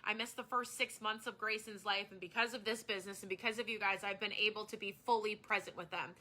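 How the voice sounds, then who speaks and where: A woman's voice: mid-range voice, steady tone, fast, pushed and bright. A woman in her thirties, a small business owner, talking casually and earnestly to her viewers on a live stream, rambling a little as she speaks from the heart.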